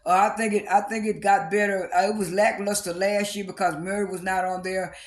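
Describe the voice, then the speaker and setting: High-voiced man recapping a show. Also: level tone. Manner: halting, many fillers and repeated restarts; briefly acts out quoted cast lines with raised pitch. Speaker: reality TV recap vlogger. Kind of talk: casual spoken episode recap.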